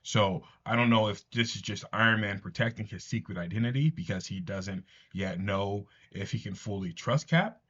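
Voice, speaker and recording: A man's voice: on the low side, normal speed, hardly any pauses, a bit bright, dull audio. A man casually retelling a comic book story, earnest, with his own asides. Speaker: comics commentator. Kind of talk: casual comic recap narration.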